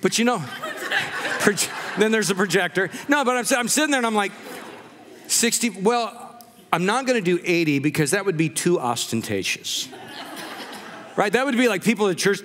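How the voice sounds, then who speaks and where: A male pastor preaching a sermon, telling jokey personal stories in a relaxed conversational way. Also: sits high, normal speed, long pauses, big-room sound. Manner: conversational storytelling with jokes. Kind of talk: humorous sermon. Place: church sanctuary.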